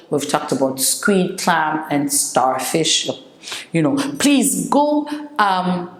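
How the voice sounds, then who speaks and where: A woman's voice: low-pitched, roomy sound. A woman from Senegal with a Senegalese French accent, teaching English vocabulary and repeating words for pronunciation, switching between English and French. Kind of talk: classroom vocabulary lesson.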